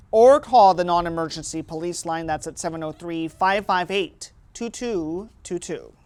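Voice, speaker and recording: A woman's voice: lowish voice, smooth. A woman co-hosting a community news show, reading announcements and bantering cheerfully with her co-hosts. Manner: cheerful, quick to laugh in banter.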